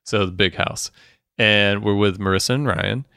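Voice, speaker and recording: A man with a low, smooth and resonant voice recaps a TV episode in casual podcast chat. He acts out the characters' lines as he goes and swears freely. The sound is dry and close. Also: moderate pace, no room sound. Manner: animated retelling, acting out characters' lines, swears and laughs often. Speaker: podcast co-host.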